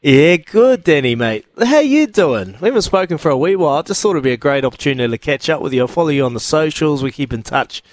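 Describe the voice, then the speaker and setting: A man's voice: a little high, very fast, few pauses, no echo. A man hosting a casual radio chat, matey and friendly, saying "mate" and "wee". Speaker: radio host, former rugby player. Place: radio studio.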